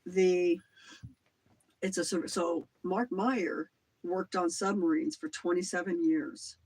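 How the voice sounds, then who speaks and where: Husky, rambling middle-aged livestream host. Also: mid-range voice, steady tone, slow, poor audio. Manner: rambling, swears casually, jumps between claims. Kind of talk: casual livestream monologue.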